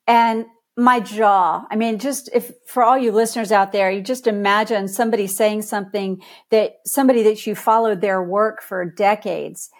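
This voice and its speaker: A middle-aged woman talks as a podcast guest, an author and speaker telling her story at a mid-range pitch. She is lively and laughs easily, keeping a conversational storyteller's flow. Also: moderate pace, few pauses.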